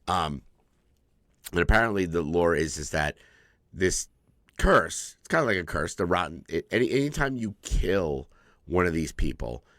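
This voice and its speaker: A man with a low voice chats casually on a podcast. He recaps films with plenty of swearing and acts out what the characters say. The sound is dry and close, with no room echo. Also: moderate pace. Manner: profane, animated movie recapping with acted-out quotes. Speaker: podcast co-host. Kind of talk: casual chat.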